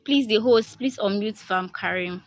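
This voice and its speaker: A woman's voice: medium pitch, normal speed. Woman moderating a muffled video call. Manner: reads questions aloud, hesitant restarts. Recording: dull lo-fi video call audio.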